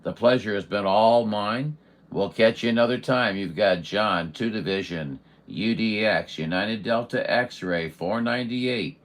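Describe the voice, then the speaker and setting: Folksy, low-voiced radio operator man. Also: measured pace. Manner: folksy, chatty, many fillers. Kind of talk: radio contact chat.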